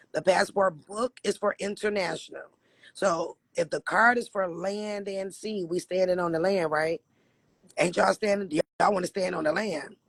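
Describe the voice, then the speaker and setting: A man from Michigan chats on a livestream in a raspy voice that sits high for a man. He answers viewers' questions bluntly, swears freely and laughs often. The sound is dry and close, with no room around it. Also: fairly bright tone, no room sound. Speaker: livestream host.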